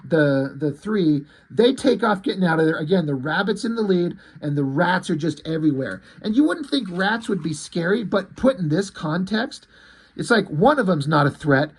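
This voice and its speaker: A man's voice: high voice, expressive, moderate pace, slightly rough. A man casually recapping a comic book page by page, rambling and swearing freely. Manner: profane, rambling, frequent fillers.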